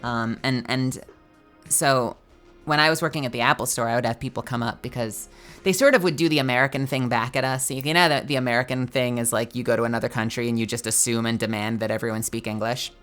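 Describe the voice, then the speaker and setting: A woman's voice: extremely low pitch, fairly even intonation, fast talker, faint music behind. A woman streamer telling a story in casual chat, filling her talk with "like" and the odd swear word. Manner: chatty, with frequent "like" fillers and swearing.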